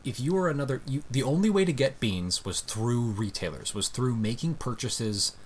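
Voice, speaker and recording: A man's voice: mid-range voice, normal speed, darkish tone, a little hiss or hum. A man co-hosting a podcast, explaining a story step by step in casual chat and often checking in with "right?". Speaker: podcast co-host.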